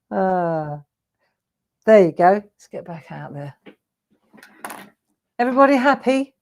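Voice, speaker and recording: A woman's voice: mid-range voice, expressive, takes it slowly, long pauses. A woman hosting a live craft tutorial, chatting in a self-deprecating way while she colours in.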